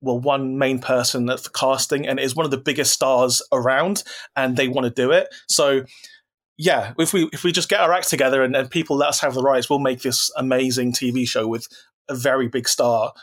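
An enthusiastic man chatting as a podcast guest. He rambles, restarts his sentences and piles up repeated words, at an ordinary middle pitch. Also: steady tone, a little fast, fairly bright tone. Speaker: podcast guest, horror writer and producer. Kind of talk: casual chat.

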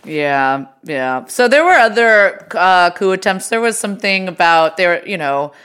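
A woman co-hosting a podcast, chatting casually about politics with quick, hedging asides. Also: lowish voice, expressive, fairly bright tone, clean tone. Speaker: podcast co-host.

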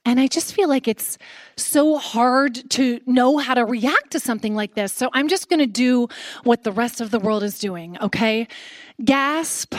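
Brash Canadian comic host, high-pitched, dry and close, playing a live crowd. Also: female voice, moderate pace, no room sound. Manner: brash, sarcastic, playful. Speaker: podcast host. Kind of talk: live comedy podcast monologue. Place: stage before a live audience.

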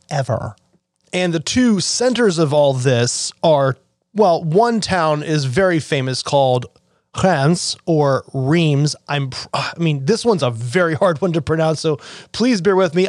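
A man hosting an educational wine podcast in a casual, chatty way, with self-deprecating asides and quick apologies. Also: on the high side, darkish tone, no room sound, clean studio sound. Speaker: podcast host.

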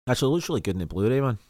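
A man's voice: mid-range voice, a little mellow. Laughing, profane Scottish man. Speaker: podcast co-host. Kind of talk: casual movie commentary.

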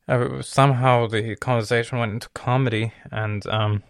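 A young man talking in a casual, rambling monologue, cursing often and filling pauses with ums and restarts. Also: mid-range voice, steady tone, gravelly, no echo, studio quality. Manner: profane, rambling, with many fillers and restarts. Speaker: vlogger.

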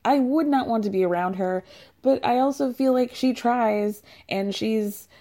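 A woman's voice: a little high, measured pace, warm tone. Chatty sarcastic woman in her thirties. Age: 30s. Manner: chatty and sarcastic, acts out quotes, laughs often. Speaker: podcast host recapping a reality show. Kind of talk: casual chat.

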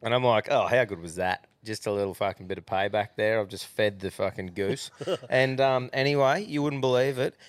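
A man's voice: mid-range voice, fairly quick, clear, resonant tone, no echo. Man, Australian accent, casual crude storyteller, laughing, dead-dry recording. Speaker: podcast host. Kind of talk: casual chat.

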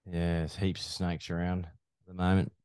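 A laid-back man co-hosting a casual running podcast. His voice sits very low, and the sound is close and dry with no room around it. He swears now and then without any edge. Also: little pitch movement, moderate pace, darkish tone, smooth, no room sound. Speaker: podcast co-host. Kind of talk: casual chat.

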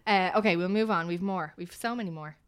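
A woman's voice: lowish voice, quick pace, clear, resonant tone. A woman hosting a casual podcast chat, reading out questions with frequent giggles and rambling restarts. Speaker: podcast host.

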